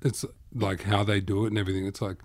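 A man's voice: on the low side, level tone, fast talker, dry recording, studio quality. An Australian man in his thirties hosting a comedy podcast, swearing and riffing in casual chat. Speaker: podcast host.

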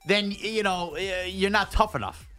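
A man's voice: high-pitched, moderate pace, faint music behind. A man from Long Island hosting a sports radio show, talking in a casual, emotional, jokey way with a Long Island accent. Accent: Long Island New York. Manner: animated, emotional, jokey and self-mocking. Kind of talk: casual sports talk banter.

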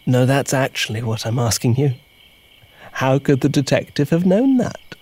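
A man's voice: mid-range voice, lively intonation, moderate pace, a little mellow, lightly acted. A man, playing an agent who tells a long, rambling, playful story in an audio drama. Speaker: agent leaving a voicemail. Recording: music playing behind, crickets.

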